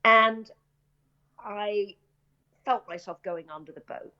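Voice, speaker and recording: A middle-aged British woman, an actress, telling lively anecdotes in an interview and acting out the people she quotes. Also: mid-range voice, takes it slowly, background noise. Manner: animated anecdotes, acts out quoted voices, laughs often. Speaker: actress and screenwriter, interview guest. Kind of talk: casual interview storytelling. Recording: dull lo-fi audio.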